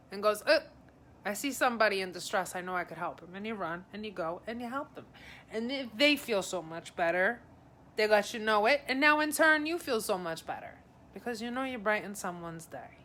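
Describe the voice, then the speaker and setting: Bright-voiced chatty woman psychic. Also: medium pitch, expressive, moderate pace, slight background noise. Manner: chatty, addresses viewers by name, relays messages. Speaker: psychic advisor. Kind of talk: live-streamed psychic reading.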